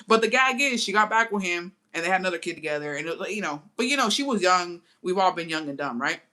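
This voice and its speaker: A young adult vlogger with a bright, crisp voice tells a casual storytime to camera. The speech is profane and chatty, slides between English and Spanish mid-sentence, and keeps turning to address viewers directly. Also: mid-range voice, lively intonation, quick pace.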